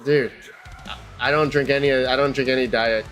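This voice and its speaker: A man of middle pitch hosts a casual livestream, talking loosely and directly to his viewers while he tinkers with hardware. His delivery is chatty and unpolished. Faint music plays quietly underneath. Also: steady tone, normal speed. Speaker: livestream host.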